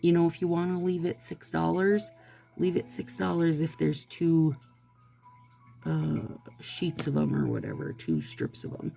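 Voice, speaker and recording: Low, gravelly, unhurried woman. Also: steady tone, warm tone, faint music behind. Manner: chatty, exasperated asides, addresses viewers directly. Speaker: nail product vlogger. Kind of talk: casual product review chat.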